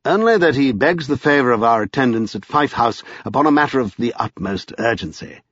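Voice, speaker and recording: A man voicing a haughty, severe gentleman who talks with lofty scorn. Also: mid-range voice, lively intonation, brisk, no echo. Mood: brisk. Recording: slightly dull lo-fi.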